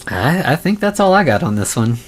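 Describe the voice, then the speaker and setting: A man's voice: fairly high pitch, very animated, a little fast. An American man co-hosting a casual podcast, talking in a hesitant way and laughing easily. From United States. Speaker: podcast co-host.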